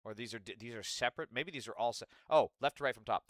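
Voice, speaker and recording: A man's voice: mid-range voice, fast, dry recording, studio quality. A man hosting a political commentary livestream, talking in a profane, sarcastic and rambling way. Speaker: livestream host.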